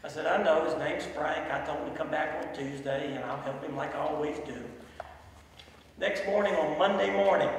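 A man preaching a sermon and telling a story, swelling loud and dropping low. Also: normal speed, heavy background noise. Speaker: pastor. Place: large church sanctuary. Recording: echoey hall from far off, faint ambience.

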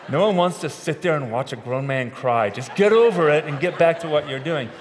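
Higher-voiced man preaching in a hall. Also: expressive, fairly quick, a little hiss or hum. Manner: conversational, self-deprecating humor. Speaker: pastor. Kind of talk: sermon with personal stories. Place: large church sanctuary. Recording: long reverb of a church hall.

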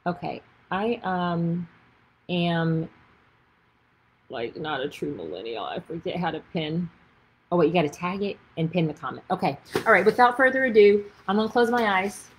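A woman's voice: on the low side, normal speed, slight background noise, low-quality recording. A woman with a Texas accent, an author chatting casually and effusively on a livestream. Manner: chatty and effusive, gushing with excitement. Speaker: author and faith speaker.

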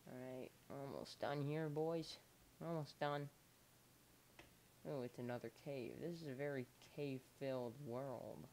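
A man's voice: mid-range voice, steady tone, unhurried, darkish tone, slight background noise. A young man giving playful let's play commentary, coaxing an animal along with lots of repeated encouragement. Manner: playful, coaxing and repeating himself as if talking to a pet. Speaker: gamer.

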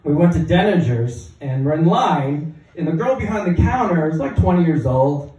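A young man doing a stand-up set, telling profane, animated stories. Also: on the high side, moderate pace, far from the mic, lo-fi sound. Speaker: stand-up comedian. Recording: echoey hall, mic heard from afar.

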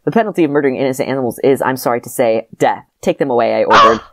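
A woman co-hosting a podcast, reading a childhood story aloud in a deadpan way and breaking into laughter between lines. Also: a bass voice, very fast, no room sound.

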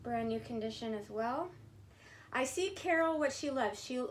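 A woman vlogger chatting casually to her viewers as she unboxes items, gushing and excitable. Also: a little high.

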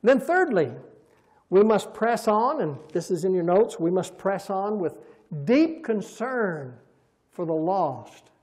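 A man preaching a folksy sermon, swelling loud and slow on scripture and dropping soft for homey asides, and leading the congregation in repeating lines. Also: high voice, sing-song. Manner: folksy, chuckles at his own stories; leads the congregation in call-and-response. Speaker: pastor.

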